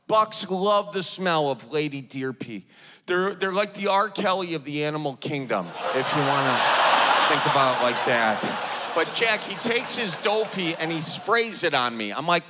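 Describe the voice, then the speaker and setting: Man, Wisconsin accent, stand-up comedian, fairly high voice, long hall reverb, audience noise. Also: a little slow. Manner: animated, shouting punchlines. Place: large theater stage. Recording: live theater, long reverb, crowd.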